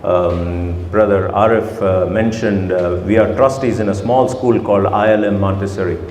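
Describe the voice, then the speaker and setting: A man giving a religious talk to a gathering, asking repeated rhetorical questions and dropping to soft tones. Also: lowish voice, slight background noise. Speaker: speaker at a community iftar gathering. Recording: echoey hall with faint ambience.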